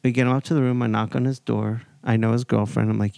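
A man's voice: medium pitch, quick pace, gravelly, dry recording. A man in his forties hosting a podcast, chatting casually and acting out other people's lines while he tells a story. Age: 40s. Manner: animated anecdote-telling, acts out other people's lines. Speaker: podcast host.

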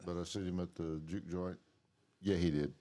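A man's voice: low-pitched, fairly even intonation, moderate pace, warm tone. A man co-hosting a podcast, telling rambling stories in casual late-night chat, swearing freely. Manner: profane, rambling storyteller. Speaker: podcast co-host.

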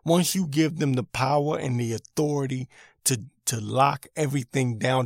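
A man in the middle of an irritated rant on his own podcast, hammering his points home and saying them again and again. His voice sits at an ordinary middle pitch. The sound is close and dry, with no room echo. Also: normal speed, creaky. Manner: irritated, emphatic, repeats himself. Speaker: podcast host. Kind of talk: opinion rant monologue.

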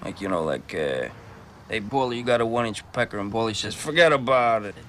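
An actor playing an undercover agent in a film scene who patiently explains mob slang. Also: male voice, on the low side, lively intonation, a little fast, fairly bright tone, slight background noise. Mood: explaining. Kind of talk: film dialogue.

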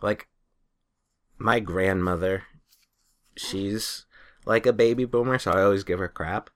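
A man's voice: fairly low pitch, measured pace. A man co-hosting a podcast in casual chat, telling rambling anecdotes and laughing through them. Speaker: podcast co-host.

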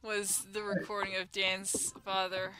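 A woman's voice: mid-range voice, monotone, measured pace, crowd noise. A woman co-hosting a podcast in casual chat, rambling with lots of "like" and "um" and restarting her sentences. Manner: rambling, filler-heavy, many restarts. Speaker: podcast co-host.

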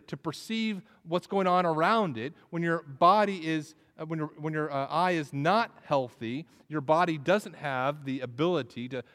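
A man's voice: on the high side, a bit bright. A man preaching a sermon as pastor, often restarting phrases and repeating words. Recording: reverberant hall.

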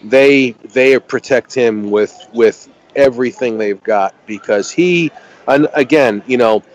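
An eager middle-aged American man talks as a podcast guest, tripping over his words and restarting sentences. His voice sits at an ordinary pitch, and the sound is a little muffled and dull. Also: measured pace. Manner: enthusiastic, stammering restarts. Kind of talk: casual chat.

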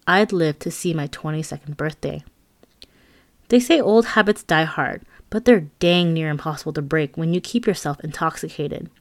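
A woman's voice: low-pitched, moderate pace, no room sound. A woman reading her own memoir aloud as an audiobook, candid and wry, with frank asides to the listener. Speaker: memoir narrator.

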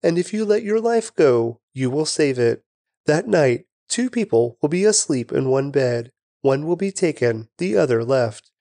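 Man reading scripture, dark and dry. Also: on the high side, expressive, no room sound. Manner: measured, deliberate reading with slowed emphasis. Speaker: scripture reader, podcast host.

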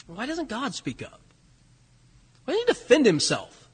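A man preaching a sermon in an animated way, asking rhetorical questions and acting out the lines he quotes. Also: high voice, normal speed, breathy edge. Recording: long hall reverb.

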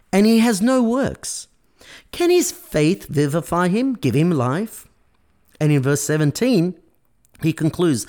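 A man's voice: mid-range voice, darkish tone. A man preaching a sermon, emphatic and stressing key words. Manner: emphatic, varying pace and stress.

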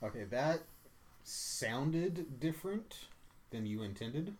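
A man in a casual podcast chat, firing off dry, quick questions. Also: mid-range voice, animated, darkish tone.

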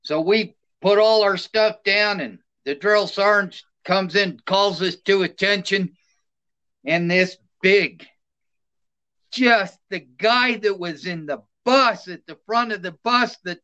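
Speaking slowly in a high-pitched voice, a middle-aged man who once served as a soldier shares animated, plain stories with laughter during a relaxed interview. The sound is lo-fi.

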